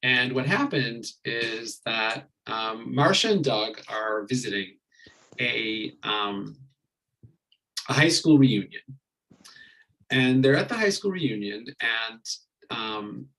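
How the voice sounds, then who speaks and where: A man's voice: mid-range voice, slow pace, long pauses, low-quality recording. Guy running an online marriage class, laid back, lots of ums, medium voice. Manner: relaxed, many fillers and reassurances. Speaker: marriage workshop leader. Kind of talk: online group class, storytelling.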